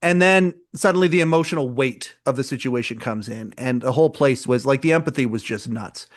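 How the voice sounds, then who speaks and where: A man's voice: medium pitch, a little fast. A man co-hosting a podcast, retelling a live show in casual chat, rambling and repeating words as he goes. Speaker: podcast co-host.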